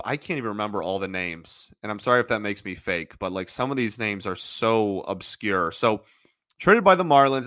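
A man's voice: medium pitch, fairly bright tone, dry recording. Male sports podcast host, mid-range voice, dry close sound, casual and heartfelt, stumbling restarts. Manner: emotional, rambling, frequent restarts.

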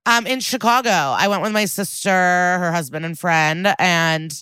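An American woman co-hosting a podcast, chatting casually and animatedly with quick asides and laughter. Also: lowish voice, sharp tone, smooth, no echo. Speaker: podcast co-host. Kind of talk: casual chat.

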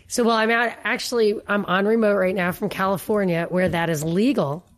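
A woman with a hoarse, worn-out voice talks at a middle pitch. She rambles chattily, like a talk-show co-host telling stories. Her voice sounds like it is giving out. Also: steady tone, fairly quick. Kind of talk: casual news chat. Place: on remote, away from studio.

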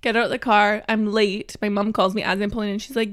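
A woman's voice: medium pitch, level tone, quick pace, no room sound, clean studio sound. A young woman co-hosting a podcast, telling stories in a chatty way with lots of fillers and giggles. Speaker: podcast co-host. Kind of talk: casual chat.

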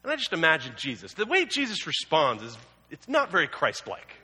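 A man's voice: fairly high pitch, huge pitch swings, fairly quick, pushed and bright, husky. A man preaching a sermon as a pastor, telling the story conversationally with humorous asides. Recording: long hall reverb.

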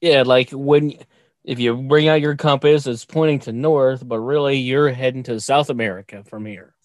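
A man's voice: mid-range voice, fairly even intonation, moderate pace, dry recording. A man in casual podcast chat, joking around and playing along. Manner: joking, playful, laughs along.

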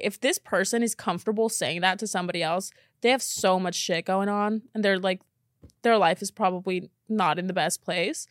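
A woman hosting a podcast in casual reaction chat, blunt and expressive, swearing casually. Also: mid-range voice, no echo, clean studio sound. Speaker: podcast host.

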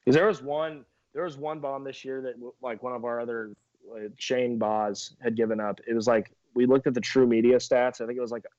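A man's voice: medium pitch, level tone, fairly quick, few pauses, darkish tone, no echo, dull audio. A young man talking casually as a guest, laid-back and laughing often, with many fillers. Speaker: minor league baseball pitcher, guest. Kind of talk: casual podcast chat.

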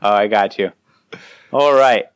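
A man's voice: lowish voice, a little slow, clean tone, no room sound. A man guesting on a podcast, explaining band matters hesitantly with many fillers. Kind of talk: casual podcast conversation.

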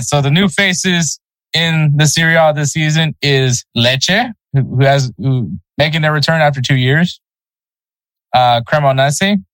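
A man's voice: on the high side, fairly bright tone, no room sound, low-quality recording. Laid-back male soccer podcast co-host. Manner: laid-back, chuckles over name pronunciations. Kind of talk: casual soccer podcast chat.

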